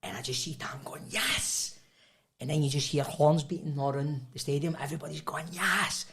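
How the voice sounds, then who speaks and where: A man's voice: a little high, steady tone, fast talker, vocal fry, darkish tone. Laughing Scottish man telling anecdotes. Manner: chatty, laughing, acts out voices in anecdotes. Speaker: podcast co-host. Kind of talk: casual pub-style chat.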